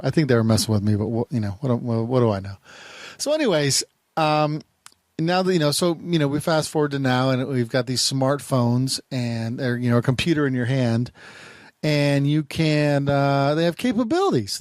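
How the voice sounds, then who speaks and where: A man's voice: medium pitch, no room sound, studio quality. A man working as a private investigator, casually reviewing phone apps in a rambling way, often repeating words and restarting sentences. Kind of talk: casual talking-head app review.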